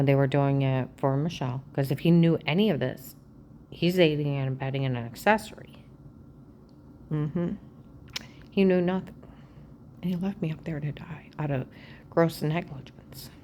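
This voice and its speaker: A woman talking straight at the camera in a rambling personal monologue, agitated and aggrieved, jumping from claim to claim and often dropping to a hushed, half-whispered voice. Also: deep voice, a little hiss or hum. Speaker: vlogger.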